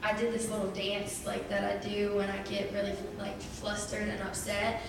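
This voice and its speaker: A woman's voice: medium pitch, normal speed, vocal fry. Chatty young woman in an echoey church hall. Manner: chatty and animated, full of "like" fillers. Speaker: church member sharing testimony. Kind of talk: personal testimony told to a congregation. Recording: very echoey church hall, distant mic, faint noise.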